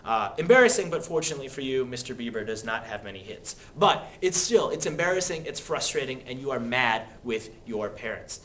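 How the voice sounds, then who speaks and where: A young man teaching history in a casual, animated way, acting out quoted people with sudden voice changes. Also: medium pitch, fairly quick, few pauses, slight background noise. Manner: animated, acts out quoted speakers. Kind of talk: classroom history lecture.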